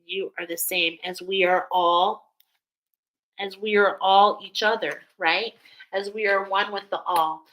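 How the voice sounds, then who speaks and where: Slow, bright-voiced spiritual card reader woman. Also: mid-range voice, steady tone, low-quality recording. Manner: emotional, breathy awe, affirming. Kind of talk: spiritual card reading to viewers.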